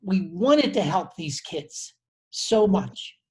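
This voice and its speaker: Slow, earnest older man telling a story. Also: expressive, darkish tone. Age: 70s. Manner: slow, earnest and reflective, dropping low on key phrases. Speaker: host. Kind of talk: conversational storytelling.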